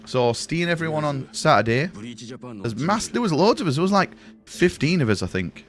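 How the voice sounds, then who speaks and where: Speaking at a moderate pace in a slightly high, very animated voice, this young Brit talks casually to his stream chat. He curses a lot, addresses viewers as mate and boys, and faint music sits in the background.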